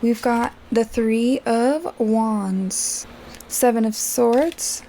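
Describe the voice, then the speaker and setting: A woman reads tarot cards in a loose, chatty way, talking straight to her viewers. Her voice is gravelly and mellow, sitting a little high for a woman. Faint room sound hums behind her. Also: extremely slow, slight background noise. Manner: chatty, addresses viewers directly, frequent fillers. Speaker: tarot reader. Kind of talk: casual tarot reading for viewers.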